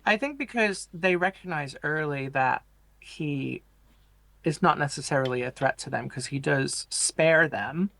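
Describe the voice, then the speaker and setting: A man co-hosting a movie podcast, calmly recapping the plot and explaining the characters in a measured way. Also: a little high, vocal fry, a little hiss or hum. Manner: measured, explanatory, hesitant fillers. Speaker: podcast co-host. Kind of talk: casual film discussion, plot recap.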